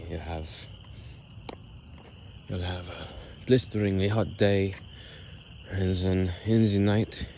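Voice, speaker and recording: A man vlogging as he walks outdoors, talking in an unhurried, wordy and self-amused way that sometimes drifts into soft murmurs. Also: low voice, slight background noise. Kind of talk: rambling walk-and-talk monologue. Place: outdoors on an evening walk.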